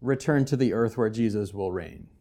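A man preaching a sermon as pastor, swinging between loud, emphatic scripture reading and quiet, conversational asides with humor. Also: on the low side, animated, normal speed. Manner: conversational, with casual fillers and humor.

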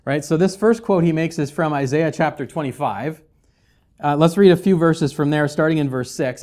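A man preaching a sermon as pastor, swinging between loud, emphatic scripture reading and quiet, conversational asides with humor. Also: fairly high pitch, brisk. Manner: conversational, with casual fillers and humor.

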